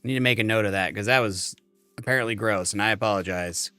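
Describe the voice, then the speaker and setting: A man's voice: on the low side, fast talker, bright, forceful tone, soft background music. A man in his thirties chatting casually with viewers while streaming a game, rambling and friendly. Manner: chatty, rambling, talks to chat. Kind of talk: casual live-stream chat.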